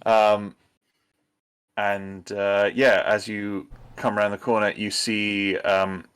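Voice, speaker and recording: Low-voiced male game master, halting. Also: level tone, a bit bright, clear, resonant tone. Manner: hesitant, many ums and restarts. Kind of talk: narrating a tabletop role-playing game.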